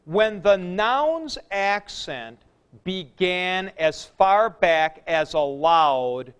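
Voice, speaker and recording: Slow, smooth-voiced male teacher. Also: high voice, expressive, a bit bright. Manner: plain-spoken, folksy comparisons, checks in with listeners. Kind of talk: classroom lecture.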